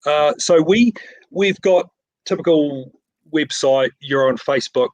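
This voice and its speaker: This middle-aged man from New Zealand runs a frame shop and chats casually in a video-call interview, modest and rambling, full of fillers and restarts. His voice is a little high and a little slow. The recording is dry and the audio quality is poor.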